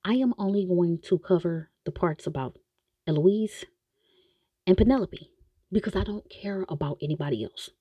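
A woman's voice: on the low side, moderate pace, mellow, husky, no room sound. A woman hosting a podcast, ranting bluntly and with exasperation in casual opinionated commentary. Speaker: podcast host reviewing a TV series.

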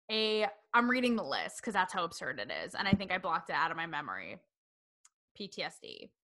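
A woman's voice: fairly high pitch, bright, forceful tone. A young woman hosting her podcast, talking in a casual, exasperated monologue and swearing freely. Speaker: podcast host.

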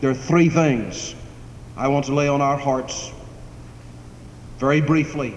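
A man's voice: medium pitch, a little slow, highs cut off. A man preaching a sermon, building emphatic repeated phrases in a preacher's cadence. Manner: preacherly, repetitive cadence, rising to emphatic declarations. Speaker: pastor. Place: church sanctuary. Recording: echoey hall, faint background hiss.

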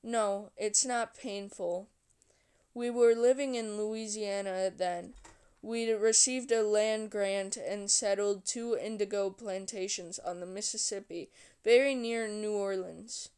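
A calm, brooding male vampire voiced by a woman reading a novel aloud recounts his past in a slow, unhurried way. The voice is smooth and clear, never rushed, with a measured storybook cadence. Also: mid-range voice, close to an everyday voice. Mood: reflective.

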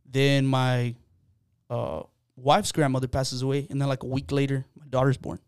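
A man's voice: mid-range voice, level tone, moderate pace, clean tone, no room sound, studio quality. A man, a podcast guest, telling an earnest personal story in casual chat, with many fillers and restarts.

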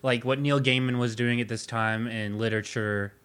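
A man's voice: medium pitch, fairly even intonation, moderate pace, a bit bright, smooth. Analytical man riffing on music. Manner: analytical, heavy use of "like". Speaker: podcast co-host. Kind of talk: casual music discussion.

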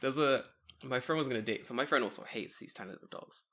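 A man co-hosting a casual podcast, swearing freely and telling stories with lively silly voices. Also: medium pitch, quick pace. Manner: swears a lot, animated storytelling with silly voices. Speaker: podcast co-host.

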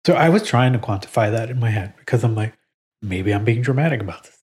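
Male podcast co-host, medium pitch, chatty and animated, laughs easily, swears casually. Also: fast talker.

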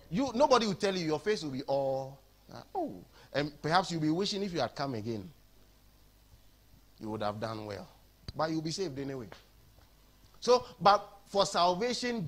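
A man with a Ghanaian accent preaching an animated sermon in a church, switching between English and Twi. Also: fairly high pitch, normal speed, long pauses.

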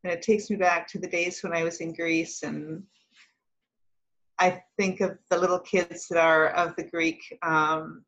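An older woman chatting casually with her family, drifting from memory to memory as she tells a story. Her voice sits low for a woman, relaxed and unhurried. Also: rough recording. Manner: rambling, reminiscing storyteller. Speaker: guest, host's mother. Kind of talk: casual chat.

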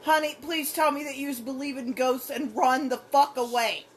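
High-voiced blunt swearing woman. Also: steady tone, moderate pace, slight background noise. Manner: blunt and emphatic, swears freely. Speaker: podcast co-host reacting to a film. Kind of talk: casual profane reaction chat.

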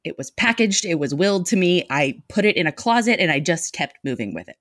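Lively, self-mocking woman telling a funny story. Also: lowish voice, fairly quick, dry recording, studio quality. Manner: animated, self-mocking, laughs mid-sentence. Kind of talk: comic personal storytelling to a live audience.

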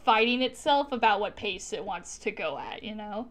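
A woman's voice: medium pitch, lively intonation, moderate pace, a bit bright, a little hiss or hum. A woman co-hosting a casual movie chat, enthusiastic and rambling as she tells stories. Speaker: podcast co-host.

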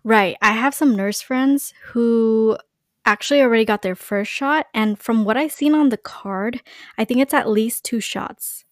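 A woman's voice: fairly high pitch, a little slow, dry recording, clean studio sound. A young woman chatting casually on a podcast, with a lot of "like" and "you know". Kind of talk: casual chat.

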